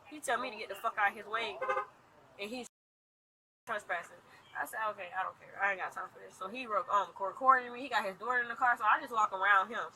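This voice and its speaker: A woman pours out her story to an officer in a rapid, bright voice, acting out the other people's lines as she goes. A bodycam picks her up outdoors with faint noise behind her. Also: mid-range voice, rough recording. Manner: rapid, animated storytelling with quoted dialogue. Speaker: complainant talking to police. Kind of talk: casual retelling to an officer. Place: outdoors at an impound lot. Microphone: police bodycam.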